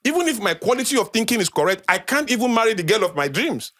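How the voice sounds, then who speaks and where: A man's voice: sits high, big pitch swings, fast, bright, forceful tone, no room sound. Emphatic Nigerian man, dry studio sound. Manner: emphatic, repeats phrases for effect, lecturing. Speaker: guest speaker. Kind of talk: passionate podcast talk.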